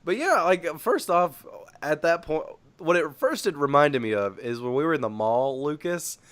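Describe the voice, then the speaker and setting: A man's voice: on the high side, animated, moderate pace, fairly bright tone, no room sound. Young male podcast co-host, rambling storyteller, fillers and laughter, dry sound. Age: young adult. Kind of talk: casual chat.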